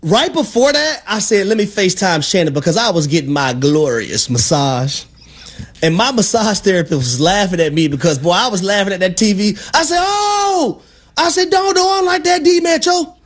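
Exuberant, high-pitched preachy co-host. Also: male voice, very animated, brisk. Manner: exuberant, preachy, storytelling with playful quoting. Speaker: sports radio co-host. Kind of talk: sports talk radio.

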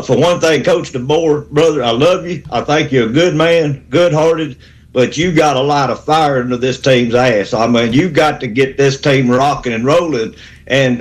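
Fired-up caller in his sixties. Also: fairly high pitch. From Alabama. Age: 60s. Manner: fired-up rambling pep talk. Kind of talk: call-in sports radio.

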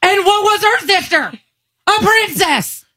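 A woman imitating an indignant young man from a viral video, ranting loudly and insistently. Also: extremely high pitch, lively intonation, unhurried, no room sound, pitched above the performer's own voice, exaggerated voice. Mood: outraged.

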